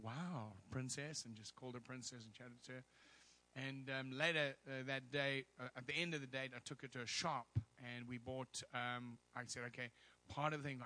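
A middle-aged man with a mid-range, pushed and bright voice preaches as a guest speaker in a church. He tells personal stories in a chatty, humorous manner, full of asides.

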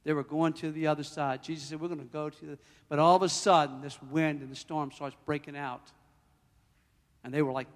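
High-voiced preacher man in a hall. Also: quick pace. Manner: emphatic preacher, swings from loud to hushed. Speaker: pastor. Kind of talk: sermon.

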